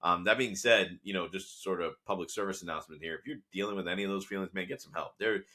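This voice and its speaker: Talking at a quick pace in a low, pushed, bright voice, an Italian-American man recaps a TV series on his podcast. His retelling of the scenes is loose and casual, packed with asides.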